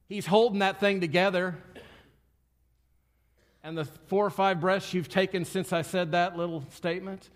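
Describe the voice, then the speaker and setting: A man's voice: high voice, unhurried, long pauses. A man preaching a sermon as a pastor, teaching earnestly and repeating key phrases to draw his listeners in.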